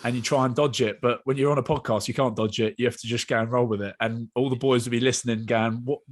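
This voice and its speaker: A man's voice: medium pitch, fairly even intonation, fast. A man with a Welsh accent, a rugby player co-hosting a podcast, bantering and teasing with some swearing. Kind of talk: casual chat.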